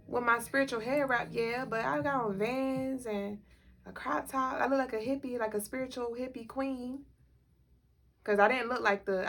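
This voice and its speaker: A woman's voice: a little high, creaky. A woman co-hosting a spiritual livestream in a casual, repetitive, emphatic way, talking straight to her viewers. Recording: music playing behind the voice.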